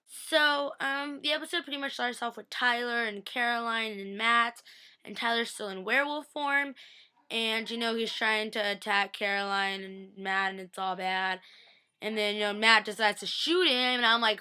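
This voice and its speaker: A woman's voice: mid-range voice, fairly quick, pushed and bright, smooth. A woman vlogger doing a casual, emotional TV episode recap, gushing and talking in slang.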